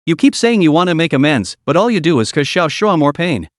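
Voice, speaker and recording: An icy young woman, contemptuous and cutting, scolding a rival in a storybook recap, as a male narrator puts her on. The read is lively in pitch, a touch high, with a dry close sound. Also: fairly quick, dry recording.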